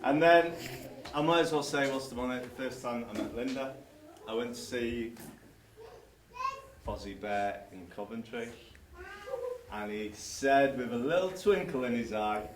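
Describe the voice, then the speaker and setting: A groom giving a wedding speech, telling wry, animated anecdotes. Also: male voice, medium pitch. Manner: wry storytelling, slow and animated. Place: large hall with guests. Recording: roomy hall, distant mic, noisy.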